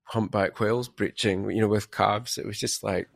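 A man's voice: fairly low pitch, steady tone, moderate pace, vocal fry, no room sound, studio quality. A man hosting an interview, chatting casually and telling rambling travel stories. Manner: rambling, anecdotal storyteller. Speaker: podcast host.

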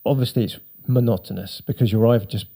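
A middle-aged man with a husky voice, telling a long, sweary story on a casual chat podcast. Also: medium pitch, steady tone, quick pace, mellow. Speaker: podcast co-host.

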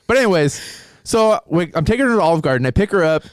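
A man's voice: fairly high pitch, animated, fast, dry recording, clean studio sound. A man casually telling embarrassing dating stories, laughing often and swearing freely. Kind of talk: casual chat, storytelling.

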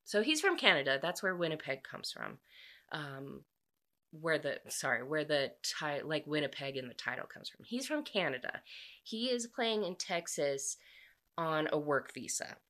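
A young woman casually retelling a book's plot in a chatty, animated way, full of filler "likes". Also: deep voice, moderate pace. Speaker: book vlogger.

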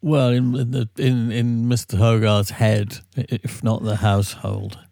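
A man's voice: mid-range voice, little pitch movement, unhurried, dark tone, dry recording, studio quality. A tired man, a singer and regular guest, telling rambling self-deprecating stories in casual podcast chat. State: tired from a sleepless night.

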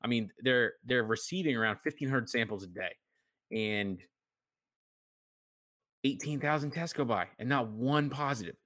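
A man's voice: medium pitch, normal speed, pauses often, fairly bright tone, no echo, clean studio sound. A man from Maine co-hosting a podcast, talking in a wry, conversational way full of fillers. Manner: wry, conversational, with many "you know" and "like" fillers. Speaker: podcast co-host. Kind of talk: casual chat.

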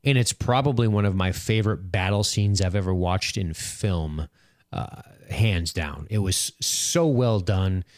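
A man's voice: low voice, unhurried, no echo, clean studio sound. A young man co-hosting a casual podcast, reading listener comments aloud, laughing often and swearing freely. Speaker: podcast co-host.

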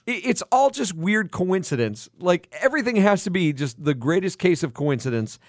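A man's voice: sits high, very animated, moderate pace, no room sound, studio quality. A man co-hosting a movie podcast, ranting in exasperated, profane casual chat. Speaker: podcast co-host.

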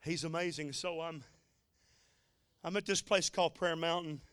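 A man's voice: on the high side, moderate pace, fairly bright tone, dry recording. A man preaching a sermon, telling a story in a folksy, emotional way with joking asides. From United States.

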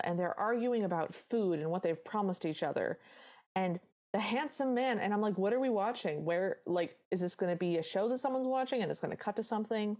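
A woman's voice: mid-range voice, mellow. A woman co-hosting a podcast, recapping a movie in casual chat with wry asides. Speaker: podcast co-host.

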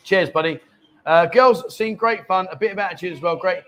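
A man's voice: sits high, a little fast, fairly bright tone. A man hosting a casual live chat show from a bar lounge, joking and bantering with the staff. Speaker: host.

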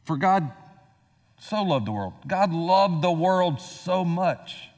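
A man preaching in a church sanctuary, his voice sitting a little high for a man. He swings from hushed, confiding asides up to soaring emphatic lines. The sound carries a long reverb from the hall. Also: lively intonation, slow pace. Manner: dynamic preacher, swings between soft asides and loud high-pitched emphasis. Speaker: senior pastor. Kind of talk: sermon.

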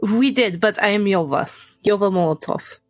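A woman's voice: medium pitch, normal speed, no room sound, faint music behind, close to an everyday voice. A woman putting on a clipped Russian-accented vampire. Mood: friendly, guarded. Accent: Russian, put on. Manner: clipped speech, drops articles. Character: guarded female vampire emigrant, clipped and formal.

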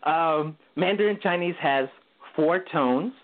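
A man's voice: on the high side, slow pace. A male guest teacher explaining Mandarin tones in a casual interview, singing vowel sounds to show each tone and laughing easily. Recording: tinny phone line.

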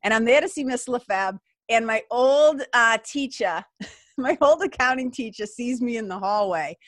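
A woman's voice: on the high side, animated, moderate pace, fairly bright tone, no room sound, studio quality. Candid, swearing woman. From Massachusetts. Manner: candid, swears freely, lots of fillers. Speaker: podcast host. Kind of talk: casual storytelling monologue.

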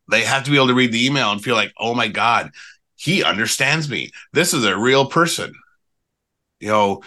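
Male podcast guest, low-ish, bright forward voice, chatty with fillers. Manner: chatty, fillers, animated retelling. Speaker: guest, email marketing expert. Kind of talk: casual podcast interview.

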